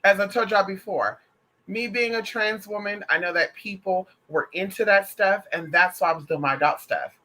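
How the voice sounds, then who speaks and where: A woman's voice: mid-range voice, normal speed, bright, forceful tone, low-quality recording. A trans woman delivering a casual opinion monologue to her viewers, sassy and emphatic, with heavy profanity and pet names like honey and girl. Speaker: vlogger.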